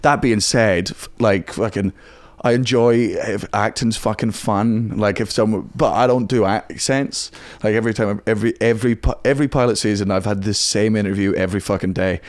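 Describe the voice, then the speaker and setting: A Scottish comedian talking casually as a podcast guest, swearing constantly and speaking in emphatic bursts. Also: male voice, on the low side, steady tone, moderate pace, dry recording. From Scotland.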